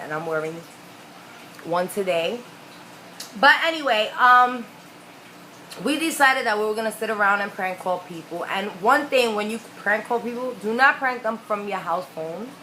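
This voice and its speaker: A woman's voice: mid-range voice, pushed and bright, slight background noise, poor audio. A young woman telling a story in a chatty, profane storytime vlog. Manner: chatty, profane, full of fillers. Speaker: vlogger.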